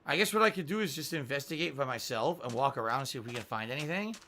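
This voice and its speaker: A man's voice: mid-range voice, lively intonation, fast talker, sharp tone, a little hiss or hum. A man streaming a game live, rambling, thinking aloud and reading out viewer tips. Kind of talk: live-stream gaming commentary.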